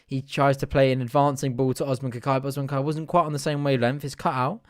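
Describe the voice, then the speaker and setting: A young man hosting a live fan watch-along, giving chatty, partisan play-by-play that bursts into excited shouting at chances. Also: medium pitch, quick pace, dry recording, studio quality.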